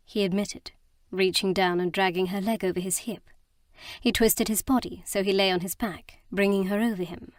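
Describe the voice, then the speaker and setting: A woman narrating a romance audiobook in a calm, even storytelling manner. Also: medium pitch, normal speed, no echo, studio quality.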